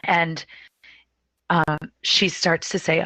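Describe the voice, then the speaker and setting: A woman's voice: fairly low pitch, fairly even intonation, moderate pace, sharp tone, dry recording. A middle-aged woman, a doula, giving a presentation and retelling a birth story with feeling, acting out the quotes. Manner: emotional, vivid retelling with acted-out quotes. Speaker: doula and consumer advocate.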